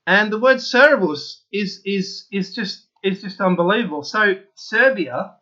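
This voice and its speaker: A man with a high, bright voice talks straight to his viewers in an eager, insistent monologue, repeating himself as he presses each point. The recording sounds dull and lo-fi. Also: a little slow. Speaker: channel host. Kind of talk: opinionated solo monologue to viewers.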